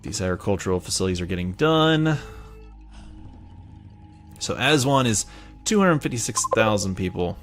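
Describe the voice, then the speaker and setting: A man's voice: lowish voice, big pitch swings, moderate pace, pauses often, faint music behind. A man with a Southern US accent giving casual, rambling gameplay commentary, chatty and self-mocking. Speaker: let's play gamer.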